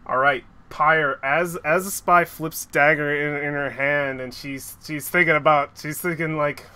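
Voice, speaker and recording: A man running a tabletop game as game master, narrating slowly and haltingly with frequent restarts. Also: a little high, steady tone, bright, forceful tone, clear, resonant tone.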